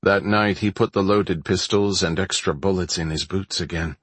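A man narrating an audiobook in a measured storytelling manner. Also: deep voice, steady tone, slightly rough, no echo. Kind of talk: scripted narration.

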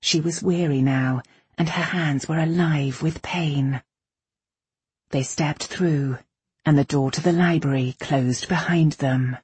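A woman narrating a fantasy audiobook in a measured, even storytelling manner. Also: sits low, breathy edge, no room sound.

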